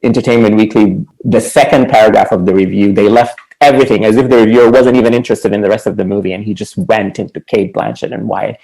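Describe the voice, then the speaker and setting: A man's voice: on the low side, steady tone, fast talker, vocal fry, hardly any pauses, warm tone, rough recording. A man co-hosting a podcast, talking casually and animatedly about a film, laughing often. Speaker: podcast co-host.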